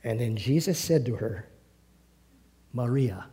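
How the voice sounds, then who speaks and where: In a meeting room, a man leads a Bible class for a small group, reading scripture aloud and retelling it with lively storytelling, chuckles, and asides. His voice sits in the mid range, and he takes his time.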